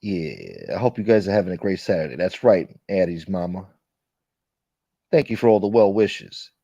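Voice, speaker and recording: A man hosts a casual livestream, reading viewer comments aloud and telling profane, rambling stories while acting out friends he quotes. His low voice is gravelly and mellow, very animated, at a normal speed. The recording is dry and muffled.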